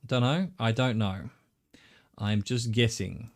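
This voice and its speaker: A man's voice: medium pitch, takes it slowly. A middle-aged Australian man streaming a game, thinking aloud in a rambling way and swearing casually. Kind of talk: live gameplay commentary.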